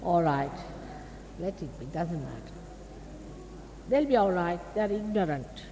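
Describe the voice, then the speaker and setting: Her voice sits on the low side, dark in tone, unhurried yet lively in intonation. A woman with an Indian accent, a spiritual teacher, gives a forceful public talk in a large hall, admonishing the crowd and asking rhetorical questions, captured on old archive tape with echo and a faint hiss.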